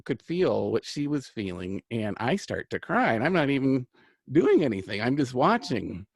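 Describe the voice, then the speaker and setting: A man's voice: medium pitch, very animated, moderate pace, gravelly, dry recording. A middle-aged man telling a long personal story in an earnest, rambling way, full of fillers and restarts. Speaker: host, angel card reader and healer. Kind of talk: casual storytelling chat.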